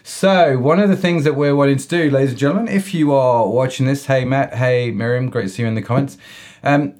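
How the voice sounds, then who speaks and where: A man co-hosting an online church service, hoarse and croaky from illness, chatting in a jokey way with lots of fillers and restarts. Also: brisk, a little mellow. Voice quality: croaky, unusually deep voice. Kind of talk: casual live-stream chat.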